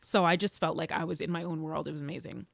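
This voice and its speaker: A woman's voice: low voice, fast, creaky, dry recording, clean studio sound. A young woman from Canada, a musician guest, telling stories animatedly with many "like"s and frequent laughs. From Edmonton, Canada. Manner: animated storyteller, laughs often, lots of "like". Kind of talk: casual interview chat.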